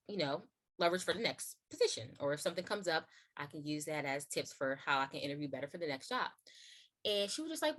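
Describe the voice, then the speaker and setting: A young woman hosting and telling a personal testimony in a casual, chatty way, full of "like" and "you know", acting out quoted lines in a high voice. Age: young adult. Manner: acts out quotes in a high excited voice. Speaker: host sharing her testimony.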